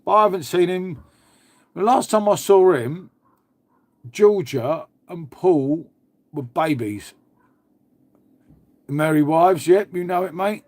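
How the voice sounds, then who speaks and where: A man's voice: high-pitched, expressive, takes it slowly, pauses often, a little mellow. A man, host of his own livestream, chatting casually and swearing freely. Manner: blokey, swears freely, says "mate" a lot.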